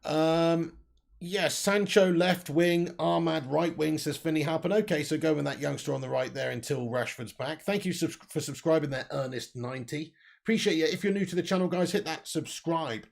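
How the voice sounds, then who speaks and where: A young man with a gravelly, slightly high voice chats through a football livestream. He talks bluntly and swears a lot, addresses his viewers directly and reads out comments from the live chat. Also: normal speed. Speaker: football channel livestream host.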